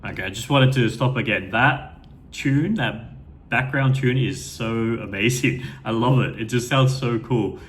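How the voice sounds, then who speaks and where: A man's voice: medium pitch, a little slow. A man giving an unscripted first-time reaction to a music video, rambling with enthusiasm and plenty of fillers and restarts.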